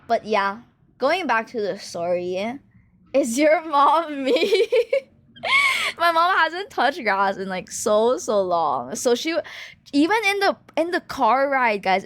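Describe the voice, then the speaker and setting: A young woman from China chatting casually on her stream, animated and rambling, with lots of fillers and swearing. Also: sits high, a little slow, no echo. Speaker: VTuber streamer. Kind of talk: casual chat.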